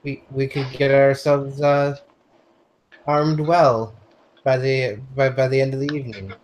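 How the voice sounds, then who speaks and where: A man playing a tabletop game, talking casually and halting as he restarts his sentences. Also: mid-range voice, flat delivery. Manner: hesitant, halting speech with restarts. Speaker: player.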